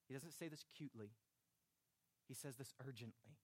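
A man's voice: mid-range voice, moderate pace, breathy edge, no room sound. Man preaching an urgent sermon. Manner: urgent preaching, dropping soft then rising to emphatic. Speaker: pastor.

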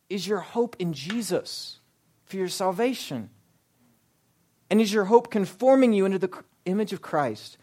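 A young adult male pastor with a notably high voice, delivering a sermon. He presses his points with rhetorical questions and swings between forceful pushes and quiet, hushed asides. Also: expressive, normal speed.

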